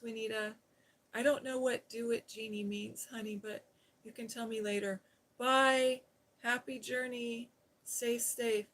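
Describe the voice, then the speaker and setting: A middle-aged woman hosting a live stream, chatting in a rambling, heartfelt, soft-spoken way. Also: fairly high pitch, poor audio. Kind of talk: casual live-stream chat.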